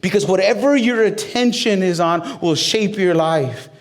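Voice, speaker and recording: High-voiced preacher man, animated sermon. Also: unhurried. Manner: dynamic preaching that builds to loud, high climaxes; conversational with humor and direct questions to the crowd. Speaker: pastor.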